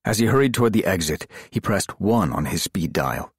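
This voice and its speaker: A man narrating a thriller audiobook in a measured, dramatic reading. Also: low voice, expressive, slightly rough, no room sound, clean studio sound. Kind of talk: scripted narration.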